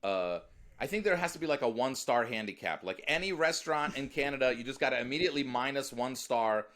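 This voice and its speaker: American comedian guy riffing on a podcast, punchy and lively, talks right at his hosts. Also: mid-range voice, fast. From United States. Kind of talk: comedic storytelling.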